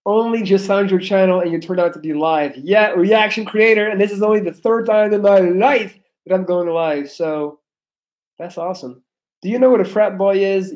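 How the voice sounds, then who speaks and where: A man in his thirties from Belgium with an American accent, chatting loudly and animatedly on a live stream, cussing freely. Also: high-pitched, poor audio. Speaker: livestreamer. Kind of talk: casual live stream chat.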